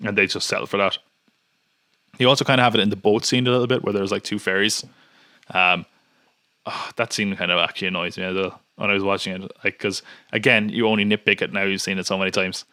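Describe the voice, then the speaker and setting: A man's voice: fairly low pitch, little pitch movement, quick pace, pushed and bright, no echo, clean studio sound. A man hosting a podcast in casual chat, rambling and nitpicking with many restarts. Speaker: podcast host.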